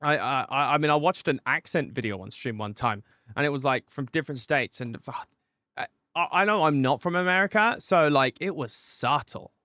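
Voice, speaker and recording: Stammering streamer guy, fairly high voice. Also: lively intonation, moderate pace, sharp tone, no room sound, studio quality. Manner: stammering restarts, swears freely. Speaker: streamer reacting to a video. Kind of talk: casual chat.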